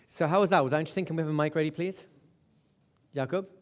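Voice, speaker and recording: With a slightly high voice and a fast delivery, a man runs a live hypnosis seminar in a chatty way. He often asks "right?" and restarts his phrases, repeating words.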